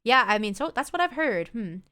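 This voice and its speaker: A woman's voice: a little high, sing-song, fairly quick, pushed and bright, smooth. A woman streaming a game, chatting casually with viewers and rambling between story moments. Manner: chatty, rambling, greets chat. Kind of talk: casual gameplay commentary. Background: game music.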